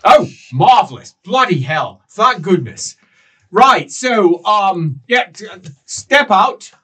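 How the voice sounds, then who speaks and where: A man voicing a rough-spoken male cultist leader who shouts and swears, a little off-mic. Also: high voice, animated, moderate pace, far from the mic, pitched above the performer's own voice. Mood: relieved.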